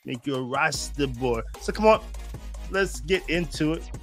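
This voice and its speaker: A man's voice: a little high, expressive, unhurried, over music. A man voicing a jolly young Rasta guy in a put-on Jamaican accent, hyping up the show in a sing-song way. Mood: hyped.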